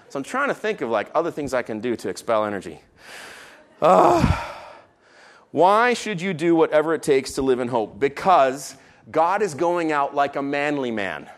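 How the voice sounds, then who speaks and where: A man preaching a sermon, animated and playful, swinging between loud exclamations and quiet asides. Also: medium pitch, fairly quick. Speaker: pastor.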